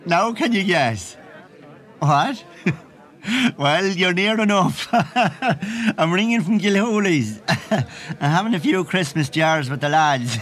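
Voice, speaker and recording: Comic sketch: a man playing a rambling Irish pub gossip on the phone, chuckling, voice pitched a touch high. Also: fairly bright tone, lightly acted. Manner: rambling, chuckles through his own gossip. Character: chatty gossiping Irishman phoning from the pub at Christmas.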